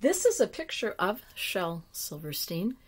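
A woman reading a children's picture book aloud, slow and expressive, sometimes dropping to a hush. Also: medium pitch, a little hiss or hum. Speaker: children's story reader.

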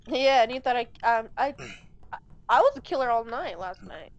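A woman's voice: fairly high pitch, big pitch swings, moderate pace, lo-fi sound. A woman playing an online game with friends, chatting playfully and teasing. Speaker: player. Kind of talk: casual gaming chat.

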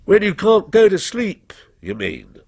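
Guy doing a nervy night watchman, plain talk, husky gravelly voice. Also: high voice, huge pitch swings, measured pace, darkish tone, pitched above the performer's own voice, heavily acted. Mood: uneasy. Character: uneasy working-class male night watchman, plain-spoken.

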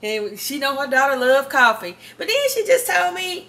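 Bright-voiced exuberant middle-aged woman preacher. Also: high-pitched, sing-song, normal speed. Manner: exuberant, chatty, laughs often, preacher-like repetition. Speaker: Christian speaker giving a morning testimony. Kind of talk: informal devotional talk.

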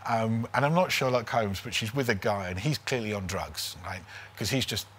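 A comedian guest in his forties, with a fairly low voice at normal speed, tells chatty, animated anecdotes in casual comic style. He keeps tagging his lines with "right?", and there's slight background hiss.

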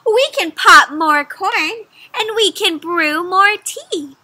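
A woman voicing a small, cheerful mouse who comforts a friend in a bright, reassuring chirp. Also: very high-pitched, animated, takes it slowly, voice pushed up, full character voice.

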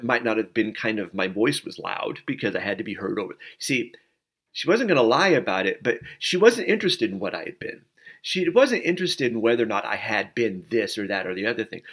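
A man's voice: mid-range voice, fairly bright tone. A middle-aged man, a pastor, giving an informal sermon as a story with many fillers and restarts. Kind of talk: conversational sermon.

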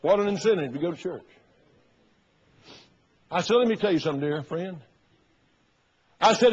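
Pastor, man, mid-high husky voice, animated storytelling sermon. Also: normal speed, pauses often. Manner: storytelling preacher, acting out quoted voices loudly. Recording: dull lo-fi sermon recording.

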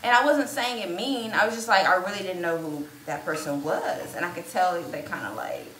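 Woman vlogger, lowish voice, emotional rambling storytime, echoey room. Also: moderate pace, a bit bright, a little hiss or hum. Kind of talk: casual personal storytelling.

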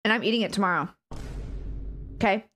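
A woman streaming live, chatting casually and excitedly with her viewers, giggling often and thanking them warmly. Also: medium pitch, fairly quick. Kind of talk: casual chat to a live audience.

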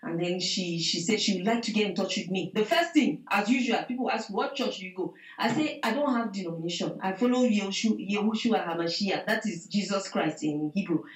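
A woman giving a spoken testimony to a prayer meeting over a video call, telling her story with lively acted-out dialogue. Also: mid-range voice, brisk, hardly any pauses, reverberant, low-quality recording. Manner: animated storytelling, acts out dialogue, repeats "I said". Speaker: church member giving testimony.

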